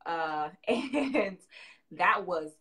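Telling her own story in a casual interview, a young adult woman from the American South laughs easily and speaks with animation. As a fashion designer who owns her brand, she performs quotes by jumping high in pitch.

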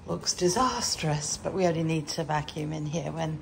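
Tired gravelly British woman vlogging. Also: deep voice, normal speed. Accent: British English. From Britain. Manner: tired, chatty, emotional. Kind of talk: casual vlog chat. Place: emptying house, indoors. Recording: noisy home recording.

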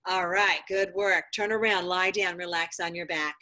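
A woman's voice: lowish voice, steady tone, moderate pace, sharp tone. A middle-aged woman teaching a live yoga class, giving firm step-by-step cues and encouraging students by name. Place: yoga studio.

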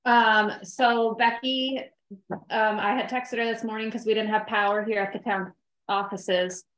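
A woman serving as town clerk talks through office routine in a practical, step-by-step way. Her voice sits at an ordinary middle pitch. The room around her rings a bit. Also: fairly even intonation, measured pace, a bit bright. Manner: practical, explains procedure step by step. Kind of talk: casual meeting talk. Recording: roomy meeting-room sound.

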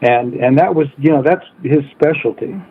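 A man with a husky voice tells a personal story at a steady pace, with filler words between his phrases. He comes through a thin, phone-like line. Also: a little high, normal speed. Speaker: guest coauthor. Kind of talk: storytelling in an interview.

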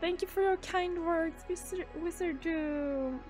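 A woman's voice: very high-pitched, unhurried, darkish tone, faint music behind. A woman streamer, casually chatting and reading out viewer messages. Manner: chatty, reads out viewer messages and answers them. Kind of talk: casual live-stream chat.

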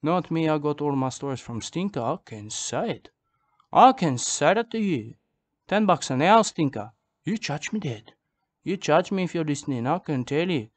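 An older man delivers a rambling, boastful comedy monologue, repeating his phrases with mock seriousness. His voice sits a little high for a man, and the recording is dry and close, with no room sound. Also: animated, moderate pace, no room sound. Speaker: comedic vlogger.

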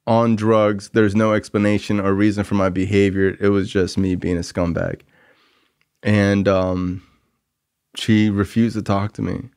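Young male podcast host, gravelly low register, dry close recording; rambling, self-critical confessional storytelling. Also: a little mellow, no echo. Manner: rambling, frequent "like" and "um" fillers. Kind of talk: casual storytelling monologue.

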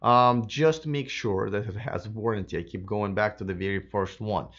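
A man hosting a live stream, chatting casually with lots of fillers and restarts, his voice a bit hoarse from a sore throat. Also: lowish voice, moderate pace, fairly bright tone, dull audio. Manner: rambling, many fillers and restarts. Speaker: livestream host.

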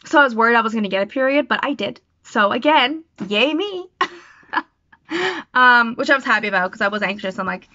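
A woman's voice: fairly high pitch, fast, sharp tone. A young woman talking casually in a personal vlog, rambling and self-deprecating with lots of fillers. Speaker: vlogger. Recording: dull lo-fi sound, dry.

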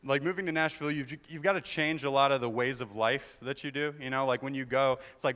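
A young man from Kentucky emcees a live show with quick, chatty stand-up. His voice comes through smooth and clear on a stage mic. A long reverb trails behind him from the theater hall. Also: medium pitch, steady tone, fairly bright tone. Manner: chatty, self-deprecating, slips into mock official voices. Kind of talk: stand-up comedy set.

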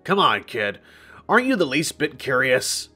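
A man's voice: mid-range voice, very animated, moderate pace, pushed and bright, slightly rough, faint music behind, full character voice. A man doing a sinister coaxing talking tree. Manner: menacing TV-villain coaxing.

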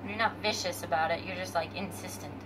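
A woman's voice: lowish voice, steady tone, fast talker, a bit bright. Joking woman helper, faint hum. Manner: joking, playful asides. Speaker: helper feeding puppies. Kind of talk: casual chat.

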